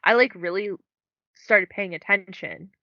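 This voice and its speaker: A woman's voice: medium pitch, measured pace, pushed and bright, dry recording, lo-fi sound. A young woman co-hosting a book podcast, chatting casually and filling her talk with "like". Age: young adult. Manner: chatty, many "like" fillers. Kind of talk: casual chat.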